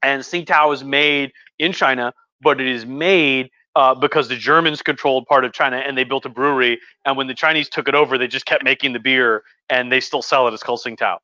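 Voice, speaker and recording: A man's voice: mid-range voice, fairly even intonation, brisk, few pauses, sharp tone, dry recording, lo-fi sound. A man giving a tipsy, rambling history talk on a live stream. He swears a lot and slips into mocking voices. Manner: profane, rambling, with acted mock voices. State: drinking wine. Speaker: history lecturer. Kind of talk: tipsy casual history rant.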